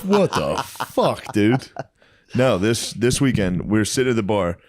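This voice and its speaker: A man's voice: on the low side, very animated, measured pace. A man co-hosting a podcast, telling a crude bar story in casual chat, laughing as he acts out what people said. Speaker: podcast co-host.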